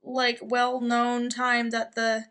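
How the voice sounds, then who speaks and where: A woman's voice: a little high, completely flat delivery, slow pace, fairly bright tone, smooth. A young adult woman co-hosting a podcast, chatting casually with short, dry remarks. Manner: brief, dry interjections. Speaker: podcast co-host. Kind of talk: casual chat.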